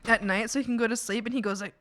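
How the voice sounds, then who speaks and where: A woman streaming while she works on art, telling stories in a casual, animated way, acting out quotes and laughing often. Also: a little high, fast, no echo, clean studio sound. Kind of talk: casual chat while drawing.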